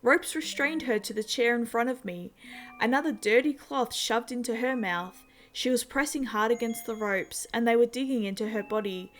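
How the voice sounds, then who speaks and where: A woman narrating a horror story in a measured, steady storytelling manner. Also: fairly high pitch.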